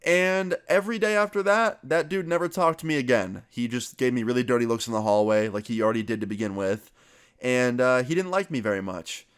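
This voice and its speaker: A man's voice: medium pitch, fairly quick, smooth. Casual, profane young man telling a story. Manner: casual, profane, animated retelling. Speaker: youtuber. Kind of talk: storytime vlog.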